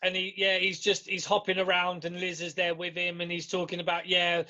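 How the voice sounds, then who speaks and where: A man's voice: sits high, monotone, fairly quick, bright, forceful tone, lo-fi sound. A man co-hosting a podcast in casual chat, laughing often and swearing freely as he retells scenes with energy. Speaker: podcast co-host.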